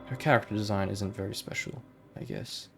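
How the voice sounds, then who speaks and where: A man's voice: fairly low pitch, fairly even intonation, fairly quick, gravelly, a bit bright, faint music behind. A man playing a video game and thinking aloud in a rambling, casual way. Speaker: gamer. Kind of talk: let's play commentary.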